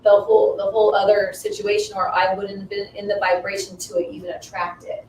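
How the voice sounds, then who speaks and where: Speaking fairly quickly, a female guest in her fifties shares a personal anecdote in relaxed conversation, her pitch mid-range. She animates the tale by voicing its characters, her pitch climbing on the quotes. The room is echoey, the mic sits at a distance, and faint noise lingers behind her.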